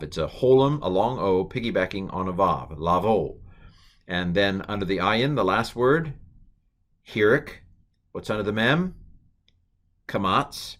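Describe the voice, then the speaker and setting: Low-voiced man quizzing himself as he teaches. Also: a bit bright. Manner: asks questions then answers them himself, with frequent fillers. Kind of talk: informal Hebrew lesson, reading aloud.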